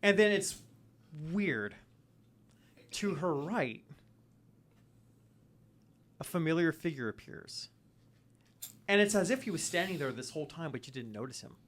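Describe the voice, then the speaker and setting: A man's voice: a little high, lively intonation, a little slow, long pauses, fairly bright tone. A man narrating as the game master of a tabletop role-playing game, telling the story loosely and casually.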